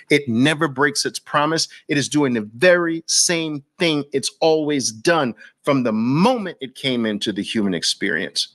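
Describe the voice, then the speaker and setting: A man's voice: medium pitch, a bit bright. Fired-up New man teaching a masterclass. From Brooklyn, New York. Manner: emphatic, with repeated punchy lines and rhetorical questions. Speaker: trading educator. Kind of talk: persuasive masterclass talk.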